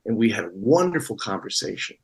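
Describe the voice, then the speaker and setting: A man's voice: on the low side, very animated, fast talker, slightly rough, poor audio. A man talking as a guest actor in a casual interview, rambling with many restarts and fillers.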